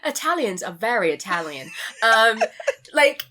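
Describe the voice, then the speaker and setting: A woman's voice: on the high side, very animated, unhurried, background noise. A woman hosting a podcast, chatting casually and laughing often as she acts out quotes. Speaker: podcast host. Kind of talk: casual chat.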